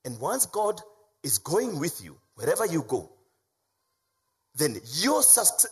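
A man preaching a sermon as pastor, swinging from loud, raised emphasis down to low, quiet lines. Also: big pitch swings, unhurried, breathy edge.

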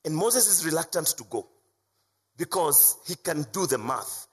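A man preaching a sermon with a husky, slightly raised voice. His delivery is animated, rising to loud emphasis and dropping to low, hushed lines. The pitch moves widely as he preaches. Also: measured pace. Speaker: pastor.

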